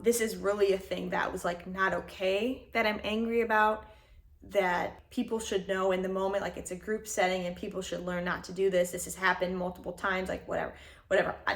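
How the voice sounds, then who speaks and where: Young woman, mid-range pitch, casual reflective self-help host, conversational with lots of fillers. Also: vocal fry.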